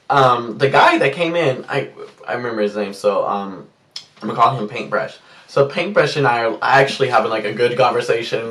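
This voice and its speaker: Young man, casual storytime vlog, animated, squealing highs and whispered asides, echoey room, set back from mic. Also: distant mic. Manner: animated, swings into loud high squeals and hushed whispers when quoting himself. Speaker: vlogger. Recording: roomy echo, a bit off-mic.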